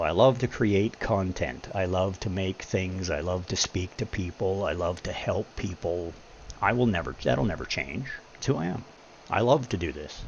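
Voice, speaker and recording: A man's voice: lowish voice, creaky. A man streaming a game, talking candidly and emotionally about his life and swearing freely. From Canada. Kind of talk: casual chat. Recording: lo-fi stream audio with faint noise.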